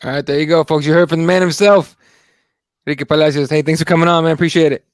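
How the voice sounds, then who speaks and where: A man's voice: on the high side, fairly even intonation, fast, no echo, studio quality. A man co-hosting a podcast, casually wrapping up a guest segment and steering the show. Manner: laid-back, wraps up segments. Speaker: podcast co-host.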